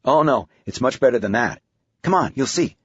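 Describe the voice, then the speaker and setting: A man's voice: mid-range voice, lively intonation, moderate pace, slightly rough, dry recording. Man doing a playful coaxing dad. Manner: coaxing, lightly raised. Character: middle-aged father, playful and coaxing. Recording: dull, muffled audiobook recording.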